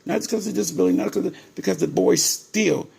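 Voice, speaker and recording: Gravelly-voiced man addressing viewers directly. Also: high voice, fast, a little mellow. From Ohio, USA. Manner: emphatic and repetitive, addresses viewers as "people". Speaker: parent telling his story to viewers. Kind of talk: casual direct-to-camera monologue.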